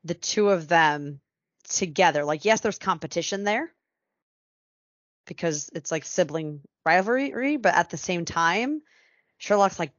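A woman chatting casually as a podcast co-host, laughing often and slipping into quick character asides. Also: fairly low pitch, expressive, no room sound, muffled recording. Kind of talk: casual fan chat.

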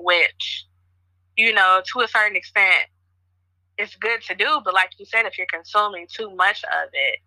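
Woman from Chicago, podcast host, casual storyteller, bright tone. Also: medium pitch, dry recording, rough recording. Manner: chatty, storytelling, frequent fillers. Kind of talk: casual conversation.

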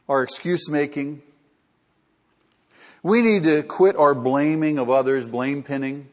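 A man's voice: fairly high pitch, measured pace, long pauses, big-room sound. A man preaching a sermon as pastor, earnest and rising to emphatic peaks.

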